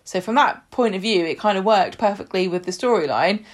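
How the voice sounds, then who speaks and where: A woman's voice: mid-range voice, brisk. A woman co-hosting a podcast, chatting casually, often restarting and searching for words. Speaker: podcast co-host. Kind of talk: casual chat about a TV soap.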